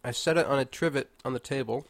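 A man's voice: mid-range voice, fast talker. Congested guy riffing alone on his podcast, joking around, no room echo at all. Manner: rambling and jokey, mock-indignant asides. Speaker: podcast host. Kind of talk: casual solo monologue. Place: indoors at home by a fire.

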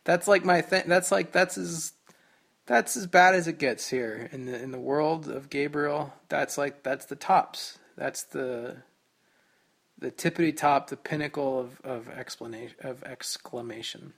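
Creaky-voiced man rambling on a podcast. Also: on the high side, steady tone, measured pace, a bit bright. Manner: rambling, joking, self-mocking. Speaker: podcast host. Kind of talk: casual solo podcast monologue.

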